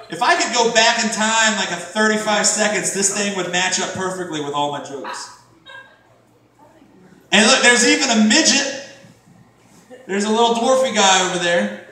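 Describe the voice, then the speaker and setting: Stand-up comic, middle-aged man, high voice, crude bits with shrill impressions, echoey club recorded from afar. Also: recorded from a distance. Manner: crude, jumps into shouted high-pitched impressions. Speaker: stand-up comedian. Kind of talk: stand-up comedy set. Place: comedy club stage. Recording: very echoey room from afar, faint noise.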